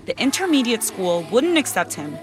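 A woman radio reporter narrating a scripted news feature in a measured, clear way. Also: a little high, sing-song. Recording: music bed underneath.

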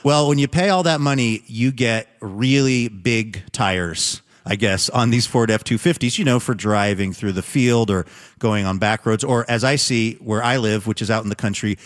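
A man's voice: on the low side, moderate pace, in a large hall. A man co-hosting a casual news chat, telling stories in a wry, slightly snarky, joking way. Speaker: podcast co-host. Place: lives in the countryside.

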